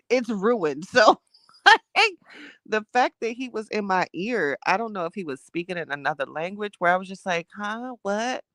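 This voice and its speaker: A young woman hosting a livestream tells her chat a dating story, animated and laughing, reading chat names aloud. Her voice is medium in pitch, and the recording is dry.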